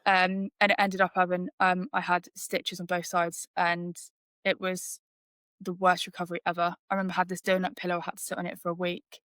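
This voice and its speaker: Chatty woman, flat delivery. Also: fairly low pitch, fairly quick, dry recording, clean studio sound. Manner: chatty, lively storytelling with many fillers. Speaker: podcast host. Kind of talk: casual podcast chat.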